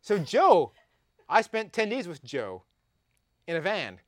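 A young man with a Canadian accent hosts a comedy talk show, reading viewer tweets aloud in a playful way. His voice sits high and swings widely in pitch. The sound is dry and close, with no room echo. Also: sing-song, slow, long pauses. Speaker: host.

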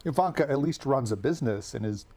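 A man's voice: mid-range voice, animated, fast, dark tone. Dry, sarcastic male podcast guest. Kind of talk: casual comedic chat.

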